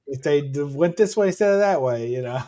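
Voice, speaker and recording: A man's voice: a little high, expressive, fairly quick, dark tone. A man in a casual livestream chat, joking and teasing the others.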